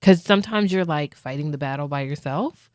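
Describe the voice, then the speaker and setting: A woman's voice: deep voice, a little fast, no echo, studio quality. A young woman co-hosting a podcast, talking in a casual, earnest and reassuring way, with lots of "like". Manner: earnest, reassuring, heavy use of "like". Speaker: podcast co-host. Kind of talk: casual chat.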